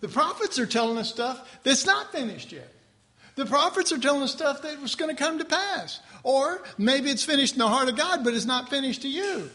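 A man teaching a Bible class in a conversational, animated sermon style, with asides to his listeners. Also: very high-pitched, moderate pace.

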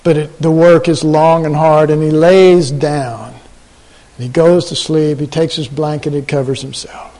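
High-voiced preacher in a reverberant hall. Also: male voice, measured pace. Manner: animated storytelling, acts out quoted voices. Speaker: pastor. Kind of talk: sermon.

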